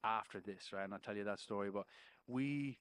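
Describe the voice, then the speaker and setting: A man's voice: on the low side, a little fast, fairly bright tone, smooth, no echo. A man, a musician guest on a podcast, telling a story in casual chat, swearing freely and checking in with "right?".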